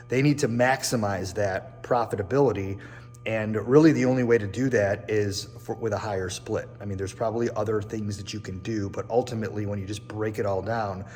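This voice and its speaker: Speaking earnestly to camera in a machine shop, a real estate agent and show host muses personally, frequently circling back and restarting phrases. His mid-range voice is a little mellow with a big-room sound.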